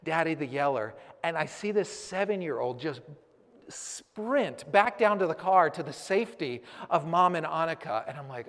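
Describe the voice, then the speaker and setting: A man's voice: on the high side, lively intonation, normal speed, fairly bright tone. A man in his thirties telling a personal story to a church audience, acting out the scene vividly and then turning earnest and reflective. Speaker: speaker addressing a church audience. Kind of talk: personal story told from a stage. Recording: long hall reverb.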